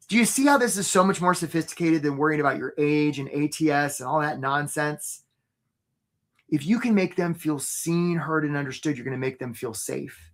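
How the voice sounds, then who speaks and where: A man's voice: a little high, fairly bright tone. A man hosting a live career webinar as a coach. He talks casually and upbeat, often asks "right?", and speaks straight to his viewers.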